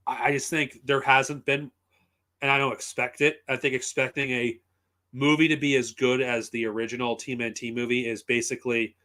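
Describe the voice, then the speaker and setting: A man's voice: mid-range voice, level tone, fairly quick, bright, forceful tone. A man talking casually on a live stream, blunt and profane, rambling with frequent restarts. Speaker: streamer reviewing comics and films.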